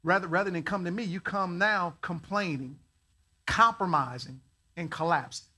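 A male pastor preaching a sermon, telling a story in a folksy way and building to loud calls for the congregation to respond. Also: high-pitched, normal speed.

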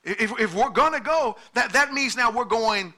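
Bright, emphatic male preacher. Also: very high-pitched, animated, moderate pace. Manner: emphatic preaching with repeated words and calls to the congregation. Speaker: pastor. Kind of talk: sermon.

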